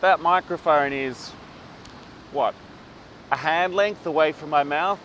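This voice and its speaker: A man's voice: fairly high pitch, slow, fairly bright tone, highs cut off, slight background noise. A man explaining filmmaking to camera in an upbeat, conversational teaching style, recorded on a lapel mic. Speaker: filmmaking tutor. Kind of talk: instructional video talk to camera.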